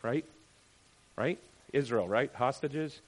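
A man preaching a sermon, animated, firing off rhetorical questions and checking in with "right?". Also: medium pitch, slow. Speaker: pastor.

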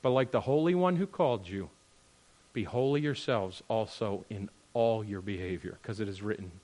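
A man preaching in a conversational Bible-teaching style, animated and direct, swinging between loud and hushed and often checking in with "all right?". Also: fairly low pitch, normal speed. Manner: talks straight to listeners with frequent "all right?".

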